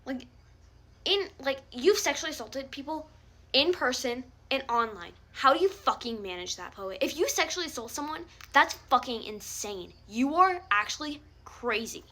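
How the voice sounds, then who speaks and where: A young woman vlogger faces the camera to call someone out in an angry, confrontational rant, swearing often. Her high, bright voice is animated and forceful, at a normal speed.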